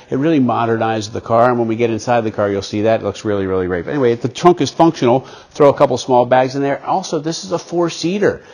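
A man's voice: mid-range voice, darkish tone. A man hosting a car walkaround video, talking in an enthusiastic, chatty salesman manner. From United States. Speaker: car dealer host. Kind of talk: casual walkaround presentation.

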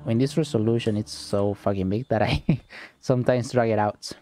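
Mellow-voiced man casually commenting on gameplay. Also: fairly low pitch, moderate pace, no room sound. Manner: casual, swearing, joking. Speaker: let's play host.

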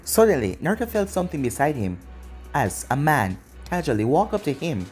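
A narrator reading a fan story aloud, moving quickly through the action and voicing every character. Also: mid-range voice, faint music behind. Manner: lively, quick narration with voiced dialogue.

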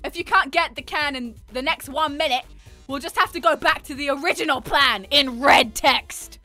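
A woman playing a nerdy lizard scientist girl, put-on British accent, high bright voice, lively sing-song. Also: normal speed, soft background music. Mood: perky. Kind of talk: reading game dialogue aloud.

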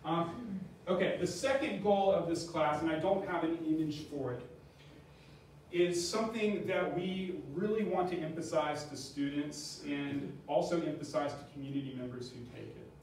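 Man, history professor, explanatory lecture, slightly higher voice, recorded from afar. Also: normal speed, a little mellow. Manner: explanatory, asks and answers his own questions. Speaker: history professor giving a public talk. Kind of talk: lecture with slides. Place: museum talk room. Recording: very echoey room, distant mic, faint noise.

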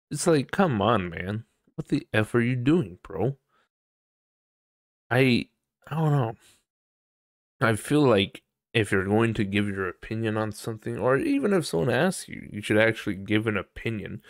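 Gravelly, profane man ranting on a podcast. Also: on the low side, dry recording, studio quality. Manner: rambling, profane, animated outbursts. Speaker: podcast host. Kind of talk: casual solo podcast monologue.

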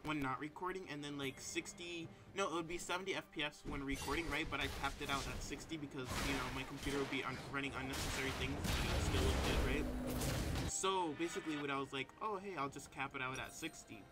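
A man's voice: on the high side, fairly even intonation, fast talker. A man giving casual live commentary while playing a video game, exasperated and rambling, with frequent exclamations and fillers. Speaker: gameplay commentator. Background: game music.

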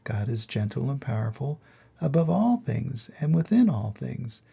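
A man's voice: mid-range voice, big pitch swings, gravelly, dark tone, breathy edge, lo-fi sound, exaggerated voice. Older man voicing wise old Old Turtle. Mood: solemn. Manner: slow, solemn storybook reading. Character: ancient wise female turtle, calm and gentle.

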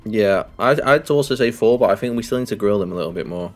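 A man's voice: on the low side, expressive, quick pace, soft background music. A man co-hosting a casual quiz show, teasing and swearing in disbelief. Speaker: co-host. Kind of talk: casual game-show banter.

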